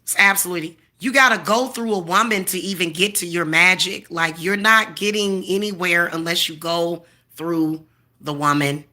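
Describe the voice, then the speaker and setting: This woman's voice is fairly low, bright and forceful, moving at a moderate pace. She's in her 40s and gives a boastful, defiant rant to camera, swearing and confronting as she goes.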